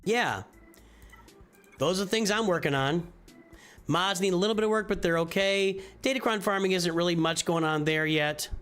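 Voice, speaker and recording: A man with a slightly high voice talks through viewers' game rosters on a live stream. His talk is loose and casual, with restarts and repeated phrases as he thinks aloud. Faint music plays underneath. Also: moderate pace, fairly bright tone, clean tone.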